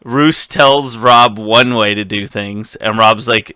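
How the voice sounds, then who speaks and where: A man co-hosting a casual recap show, energetic and rambling, often restarting sentences and acting out what characters say. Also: fairly low pitch, takes it slowly, smooth, dry recording, studio quality. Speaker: podcast co-host.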